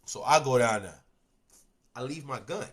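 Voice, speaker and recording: A man's voice: medium pitch, moderate pace. A man with a Chicago accent telling a street story in casual, slangy talk, often asking "you know what I'm saying".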